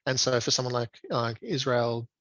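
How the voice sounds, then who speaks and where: A man being interviewed as a guest, speaking in a reflective, measured way with frequent ums. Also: medium pitch, steady tone, fairly bright tone, no room sound, lo-fi sound. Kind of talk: conversational interview.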